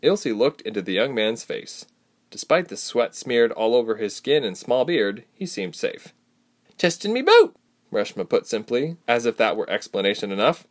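A man's voice: lowish voice, moderate pace. A man narrating a fantasy novel as an audiobook, telling it expressively. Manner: expressive storytelling.

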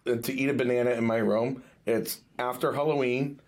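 A man's voice: mid-range voice, fairly even intonation, brisk. A man with a New England accent hosting a fishing podcast, telling stories with blunt, swearing energy. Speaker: podcast host. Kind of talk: casual podcast chat.

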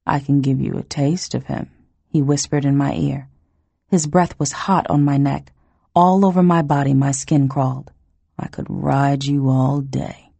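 Low, husky woman narrating a novel. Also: mellow, no echo. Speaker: audiobook narrator. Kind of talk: first-person novel narration.

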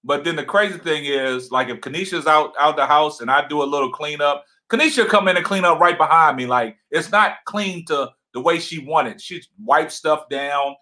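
A man with a deep voice, loud and passionate, casually chatting as co-host of a livestream from his home. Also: normal speed, hardly any pauses.

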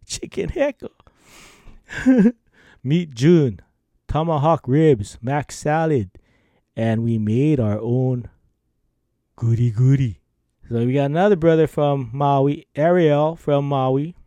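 Laid-back Hawaiian Pidgin man, slow talk. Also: mid-range voice, dark tone, no echo. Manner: laid-back, laughs often, playful. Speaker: podcast host reading listener emails. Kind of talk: casual chat.

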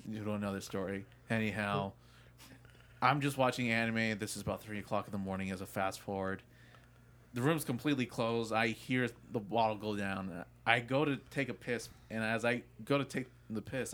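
Animated young man telling a story. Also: lowish voice, brisk. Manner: animated, swearing, acts out voices in stories. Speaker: podcast co-host. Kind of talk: casual storytelling chat.

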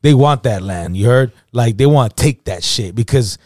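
Casual male podcast co-host, mid-pitched, rambling slangy storyteller, close dry studio sound. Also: expressive, normal speed, darkish tone, no room sound. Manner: slangy, profane, repeats "you know what I mean".

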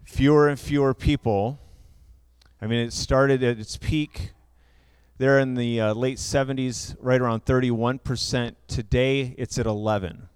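Smooth-voiced man preaching a sermon. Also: medium pitch, fairly even intonation, measured pace, no room sound. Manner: conversational, explaining statistics with asides. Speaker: pastor.

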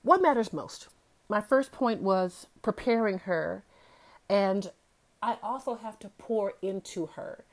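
A woman's voice: medium pitch, slow pace. Earnest woman giving a motivational talk. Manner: earnest, repeats key phrases for emphasis. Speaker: host of a talk series.

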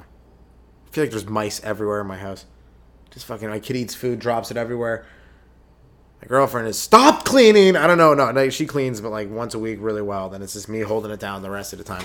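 A young man, a stand-up comedian hosting a podcast, delivers a rambling, profane comic monologue, constantly slipping into quick acted voices and yells. His voice is lowish with fairly even intonation.

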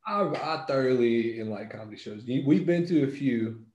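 A man in casual chat, chatty and quick with follow-up questions. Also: medium pitch, animated, a little mellow, dull audio. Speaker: podcast co-host.

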